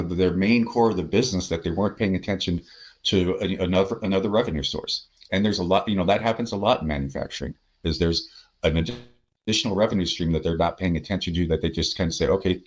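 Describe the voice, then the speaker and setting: Man, deep voice, podcast guest, storytelling, acts out quoted people. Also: quick pace, slight background noise. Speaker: podcast guest, sales consultant. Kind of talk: conversational storytelling.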